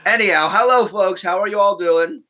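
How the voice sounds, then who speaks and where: A man's voice: high voice, a little fast, pushed and bright. A man co-hosting a podcast in casual chat, teasing his co-host and laughing often.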